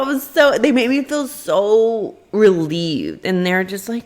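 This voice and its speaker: A young adult woman casually telling a personal story to camera, chatty and animated, acting out quoted lines in a higher voice. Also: normal speed. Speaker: vlogger.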